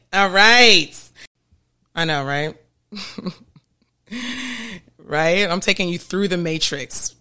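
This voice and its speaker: A woman hosting a podcast, explaining ideas in a chatty, animated way and often checking in with her listeners. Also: fairly low pitch, takes it slowly, long pauses. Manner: chatty, keeps checking in with "okay?" and "right?"; animated, laughs between points. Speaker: podcast host. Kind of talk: casual explanatory podcast talk.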